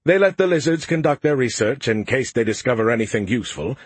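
A man's voice: mid-range voice, expressive, fast, slightly rough, no echo. A man voicing a smug, boastful male alien AI that mocks the humans in a playful, snarky way.

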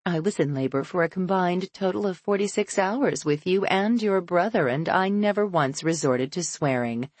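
A woman's voice: lowish voice, lively intonation, moderate pace, hardly any pauses, dry recording. A woman narrator voicing a prim older mother who disapproves of swearing.

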